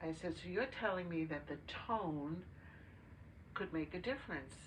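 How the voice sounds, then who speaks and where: An older woman co-hosting a podcast, telling a family story in casual chat with pauses and filler words. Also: lowish voice, animated. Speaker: podcast co-host. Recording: distant mic with faint noise.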